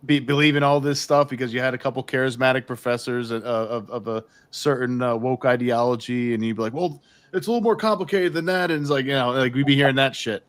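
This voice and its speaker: A man's voice: medium pitch, level tone, quick pace, hardly any pauses, smooth, no room sound. A man co-hosting a podcast, blunt and chatty in casual conversation. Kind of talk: casual chat.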